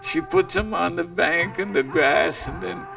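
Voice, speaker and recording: A male storyteller recounts a legend in a slow, unhurried way. His voice sits high for a man and is heavily gravelly. It sounds distant, as if he is recorded from some way off the mic. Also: big pitch swings, over music. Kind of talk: oral legend telling.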